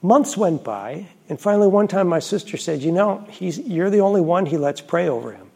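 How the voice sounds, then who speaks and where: A middle-aged man, a Catholic priest, tells a personal story from the pulpit, earnest and reflective, dropping to quiet asides. His voice sits a touch high for a man, with a mellow, dark tone. It is gravelly and husky throughout. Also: animated, moderate pace. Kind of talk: storytelling homily.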